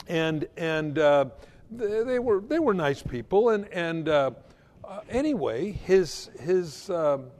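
A male pastor delivers a sermon, weaving in a story and stumbling over repeated words as he builds to emphatic points. His voice sits high for a man, and the long reverb of a church hall trails each phrase. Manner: stammering restarts, storytelling, rising emphasis.

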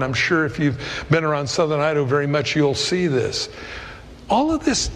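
A middle-aged man preaching a sermon in a conversational, storytelling way. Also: on the high side. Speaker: pastor. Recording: long hall reverb.

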